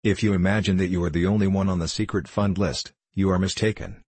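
A guttural, scheming diplomat sneers and mocks in a deep, low voice, as a man reads him aloud. His tone stays condescending and sly, with a husky edge. The audiobook recording is dry and close. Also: steady tone, fast talker, a little mellow, dry recording. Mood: mocking. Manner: mocking, condescending. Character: scheming, contemptuous male foreign diplomat. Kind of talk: audiobook character reading.

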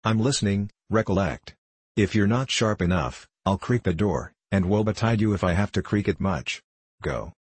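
A man's voice: lowish voice, expressive, normal speed, husky, dry recording. A man voicing a cunning, cruel male dwarf who gives sly, menacing orders to his wife. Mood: hissing.

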